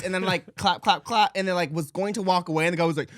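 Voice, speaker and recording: A man co-hosting a casual chat podcast, animated and acting out the voices of people in his stories. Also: high voice, a little fast, hardly any pauses, no echo, clean studio sound. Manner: animated, acts out quoted voices. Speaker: podcast co-host.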